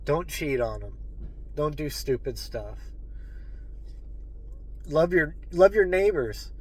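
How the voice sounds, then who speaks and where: A man's voice: on the high side, lively intonation, takes it slowly, a little mellow, breathy edge, poor audio. A man hosting his own channel, speaking earnestly and repeatedly calling his listeners folks, at times choked up with emotion. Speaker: host. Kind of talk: heartfelt monologue to viewers.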